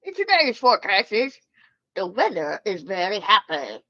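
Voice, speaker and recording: A woman's voice: mid-range voice, wildly swooping pitch, normal speed, bright, forceful tone, no room sound, full character voice. A woman putting on a cheerful, folksy country man with a country drawl. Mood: cheery. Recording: dull lo-fi sound.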